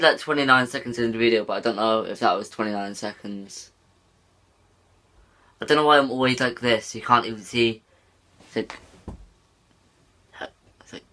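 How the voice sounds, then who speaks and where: A man's voice: medium pitch, pushed and bright. A young man chatting casually for a vlog, rambling and swearing often. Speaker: YouTuber.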